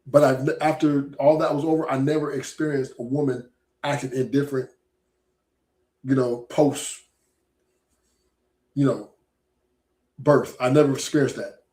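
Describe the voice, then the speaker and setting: A man's voice: medium pitch, steady tone, a little slow, long pauses, dark tone. A man hosting a casual podcast talk, rambling and often checking in with his listeners by asking "right?". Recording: roomy echo.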